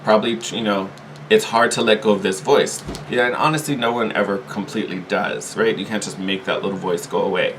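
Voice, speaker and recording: A man giving a casual, chatty tarot reading, animated and quick to laugh, often repeating himself. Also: fairly low pitch, a little hiss or hum, low-quality recording. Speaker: tarot reader.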